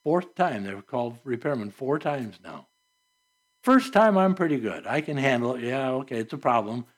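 Man, pastor, sermon, earnest conversational delivery, animated pitch. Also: normal speed, husky. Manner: earnest, conversational preaching with asides and soft laughs.

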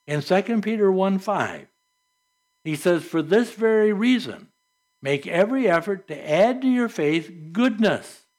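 A man preaching a sermon as pastor, reading scripture and adding earnest, conversational asides with soft laughs. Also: high voice, expressive, a little slow.

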